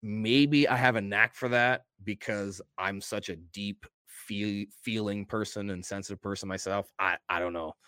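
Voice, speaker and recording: A middle-aged man talking openly and earnestly as a guest in a casual interview. His voice is low and smooth, recorded dry and close. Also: fairly even intonation, moderate pace, hardly any pauses, bright, forceful tone, no echo. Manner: open, earnest storytelling. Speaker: wrestler guest.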